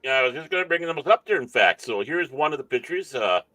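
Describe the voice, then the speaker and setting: A man reads comic news aloud on a casual podcast, joking about his own slips. His voice is bright, with lively ups and downs. The sound is dry and close. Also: a little high, quick pace, no room sound. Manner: stumbles and jokes while reading. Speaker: podcast co-host. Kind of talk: casual chat, reading articles aloud.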